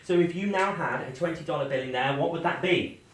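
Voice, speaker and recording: A man with a fairly high voice gives playful, teasing magic patter. He talks a volunteer through the trick. The sound is echoey, with faint background hiss, and he stands off mic. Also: fast talker. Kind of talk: live magic-show patter. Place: indoor venue. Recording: echoey room, mic at a distance.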